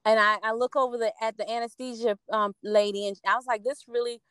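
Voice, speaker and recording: A woman, chatting casually and telling stories with lively acted-out quotes. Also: a little high, fast talker, clean tone, no echo, studio quality. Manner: animated storyteller, acts out quotes. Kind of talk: casual chat.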